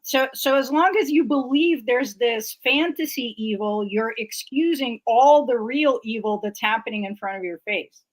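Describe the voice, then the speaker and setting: A woman co-hosting a political livestream. She speaks with earnest conviction and argues by stacking one point on the next, in a slightly high voice. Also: normal speed, few pauses, poor audio. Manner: earnest and argumentative, builds points in a row. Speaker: livestream co-host. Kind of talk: casual political discussion.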